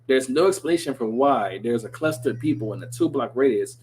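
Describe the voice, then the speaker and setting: Man reading as a corny scientist dad, middle-aged, hammy, earnest, middle pitch, faint hum. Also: lively intonation, fairly quick, a little mellow, natural voice.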